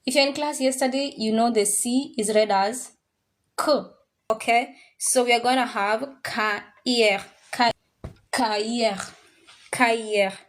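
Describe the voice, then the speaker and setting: A woman teaching a French class, drilling words slowly and repeating them, now and then mixing in Swahili phrases. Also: a little high. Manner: slow, repetitive drilling of words. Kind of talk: classroom language lesson.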